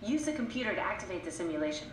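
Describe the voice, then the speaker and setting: A calm, soothing game character. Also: female voice, lowish voice, slight background noise. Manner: soothing, measured, coaxing. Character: calm woman soothing a scared test subject. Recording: roomy game audio with ambience.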